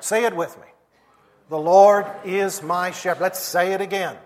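A man's voice: sits high, unhurried. A man preaching a sermon as pastor, emphatic and repeating refrains to his congregation.

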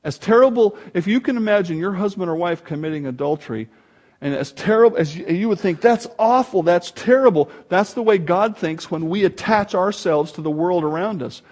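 A man's voice: high-pitched, brisk. A man preaching a sermon, emphatic and dramatic, reading scripture aloud. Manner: animated, emphatic preaching with dramatic swings in loudness. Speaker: pastor.

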